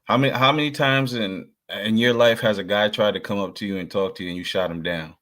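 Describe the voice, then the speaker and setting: A man's voice: fairly low pitch, fairly quick, fairly bright tone. A man co-hosting a podcast, giving earnest, repetitive dating advice in casual chat. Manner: earnest, preachy advice with repeated "you know what I'm saying". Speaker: podcast co-host.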